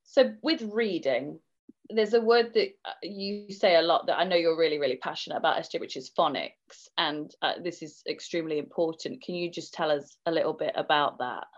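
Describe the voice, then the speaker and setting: A woman co-hosting a parenting podcast, asking animated, inquisitive questions in casual chat. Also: sits low, a little fast, lo-fi sound. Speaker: podcast co-host.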